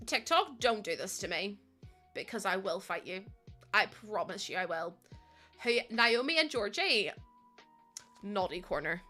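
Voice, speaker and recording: A woman's voice: medium pitch, sing-song, measured pace, pauses often, sharp tone. A young woman streaming a game from home, chatting casually with viewers, laughing often and thanking them one by one. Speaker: live streamer. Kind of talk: casual chat with viewers while gaming. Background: faint background music.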